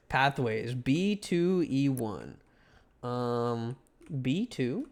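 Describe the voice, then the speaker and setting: A male streamer chats casually through a video game at a middle pitch. His voice swings widely up and down as he jokes, curses and argues with the game. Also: big pitch swings, very slow, pauses often. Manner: joking, swears often, talks back to the game. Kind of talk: casual gameplay commentary.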